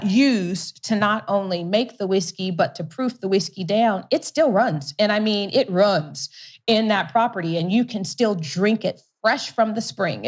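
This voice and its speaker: A woman being interviewed, telling a long story with lively energy. She laughs often between phrases and doubles up words for emphasis. Her voice sits at a middle pitch, neither high nor low. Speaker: guest, company CEO.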